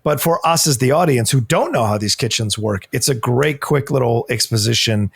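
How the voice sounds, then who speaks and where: A man's voice: mid-range voice, normal speed, dry recording. A man co-hosting a podcast, talking casually about a film, laughing often and chiming in with short agreements. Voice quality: gravelly, husky. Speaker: podcast co-host.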